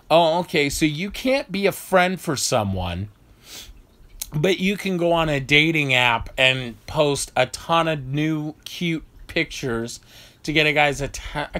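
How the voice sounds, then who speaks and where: A man's voice: fairly high pitch, fairly bright tone. A man vlogging in a blunt, heated, profane rant. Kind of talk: ranting monologue.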